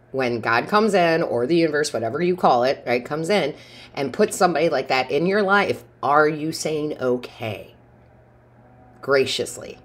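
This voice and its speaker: A woman giving a casual tarot reading, talking in a chatty storytelling way and laughing often. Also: deep voice. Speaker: tarot reader.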